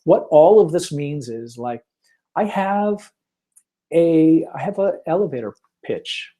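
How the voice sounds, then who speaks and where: Chatty, mellow-voiced man hosting a webinar. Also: on the high side, animated, slow. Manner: chatty, self-deprecating, lots of fillers. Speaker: webinar host. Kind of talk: casual webinar talk with storytelling.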